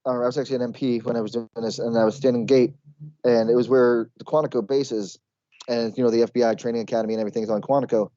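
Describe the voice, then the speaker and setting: An American man co-hosting a podcast, talking rapidly in casual, rambling chat with offhand swearing. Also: mid-range voice, fairly even intonation, warm tone, no room sound, dull audio. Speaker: podcast co-host.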